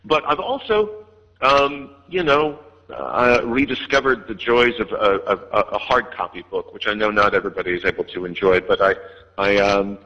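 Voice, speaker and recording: A man's voice: lowish voice, lively intonation, normal speed, pushed and bright. A man, an audiobook narrator, answering interview questions in a hesitant way, with many fillers and restarts. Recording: dull line with long reverb.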